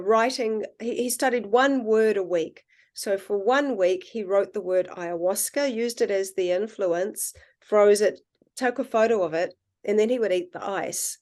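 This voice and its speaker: A woman guest in casual conversation, telling animated stories and acting out the dialogue. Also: medium pitch, normal speed. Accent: non-American accent, self-described. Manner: animated storyteller, acts out quoted dialogue. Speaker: guest, water researcher.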